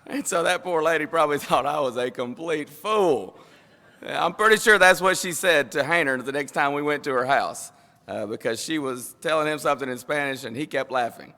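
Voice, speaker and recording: A man's voice: on the high side, normal speed, pushed and bright. A man with a Southern US accent preaching a sermon, telling a story in a folksy, rambling way and laughing as he goes. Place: church sanctuary. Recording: long reverb of a church hall.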